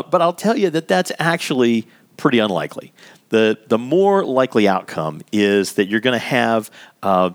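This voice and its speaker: Lively, animated male instructor. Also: medium pitch. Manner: animated and emphatic, stretching key words. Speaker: workplace communication instructor. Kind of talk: instructional talk.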